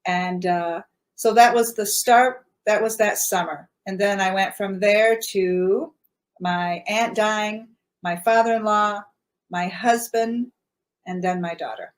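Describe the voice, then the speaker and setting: Older woman interview guest, mid-pitched, matter-of-fact storyteller. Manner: earnest, matter-of-fact, many "uh" pauses.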